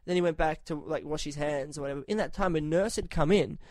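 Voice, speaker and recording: Animated profane man telling a story. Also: fairly high pitch, fast, dry recording. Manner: profane, animated, shouts when quoting himself. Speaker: podcast host telling a story. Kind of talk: casual storytelling chat.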